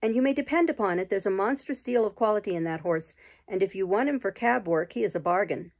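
A woman's voice: medium pitch, expressive, fast talker, darkish tone. A woman reading the lines of an eager male horse salesman, haggling and persuasive in a storybook. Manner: bargaining, persuasive.

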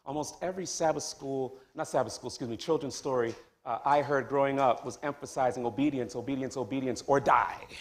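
A man preaching a sermon as pastor of a church, dropping to hushed tones and then rising to loud, high exclamations. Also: fairly quick. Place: church sanctuary.

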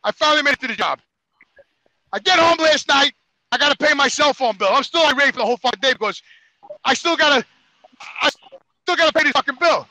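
A man's voice: very high voice, animated, fairly quick, long pauses, sharp tone, dry recording, rough recording. A man telling an exasperated, profane story on a podcast, acting out the people in it. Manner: exasperated, heavy swearing, acts out quotes. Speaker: podcast regular.

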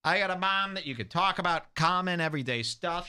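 A man's voice: mid-range voice, big pitch swings, moderate pace, hardly any pauses, pushed and bright, no room sound, clean studio sound. A man hosting a comedic talk show, ranting in a crude, mocking, gossipy manner. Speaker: radio show host.

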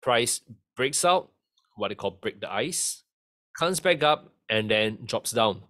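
A man's voice: medium pitch, animated, takes it slowly, a bit bright. Man, trading instructor, casual lesson, conversational, mid-range voice. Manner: conversational, keeps asking "right?".

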